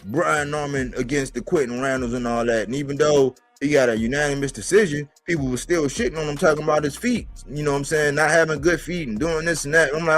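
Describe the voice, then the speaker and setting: A man's voice: fairly high pitch, fairly even intonation, fast talker, hardly any pauses, soft background music. A man hosting a boxing commentary livestream, talking in an emphatic, slangy way and repeating points for stress. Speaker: boxing commentator and show host.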